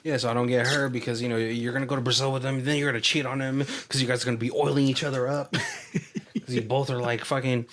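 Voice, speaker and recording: A man's voice: medium pitch, flat delivery, fast talker, a bit bright. Man, podcast co-host, casual movie recap, rambling, laughs often. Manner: rambling, laughing, acts out quotes.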